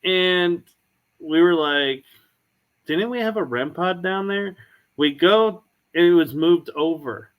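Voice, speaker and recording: A man hosting a podcast, telling stories in a casual, unhurried way. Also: sits high, clear, resonant tone, phone-quality sound. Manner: storytelling, unhurried. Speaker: podcast host. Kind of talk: casual chat.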